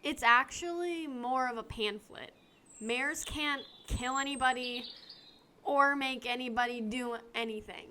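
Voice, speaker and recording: In an amateur fan dub, a woman voices a practical young assistant with a high voice, a measured pace, and a sharp tone. She sounds deadpan, dry, and matter-of-fact, with slight background noise.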